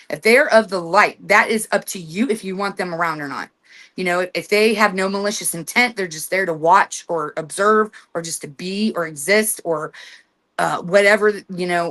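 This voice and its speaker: A woman's voice: medium pitch, pushed and bright. A woman hosting a radio show, giving casual, emphatic instructions and acting out commands in a firm voice. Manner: chatty, emphatic, acts out commands with authority.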